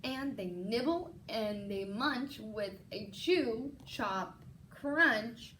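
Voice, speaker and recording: A woman teacher reading a picture book aloud to children, expressive and encouraging. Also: a little high, extremely slow, hardly any pauses, slight background noise. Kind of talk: children's story read-aloud.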